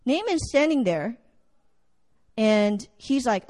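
A woman delivers a sermon in a high voice, telling the story with lively energy. She acts out what each character says as she goes. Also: measured pace, long pauses, big-room sound. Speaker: preacher.

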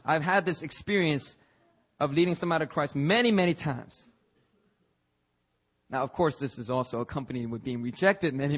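A man's voice: medium pitch, gravelly, a bit bright, slightly rough. A young man preaching a fervent church sermon, often breaking in with "hallelujah" in a sanctuary.

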